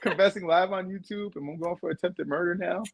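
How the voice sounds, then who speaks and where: A man's voice: sits high, a little fast, gravelly, crowd noise. A man in his thirties co-hosting a podcast, chatting casually and telling stories with lots of laughter. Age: 30s. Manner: laughing, animated storytelling. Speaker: podcast co-host. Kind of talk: casual chat.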